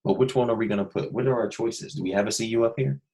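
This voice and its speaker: A man teaching a recorded first grade phonics lesson, slow and patient, repeating steps and asking young pupils questions. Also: on the low side, fairly even intonation, dark tone, rough recording.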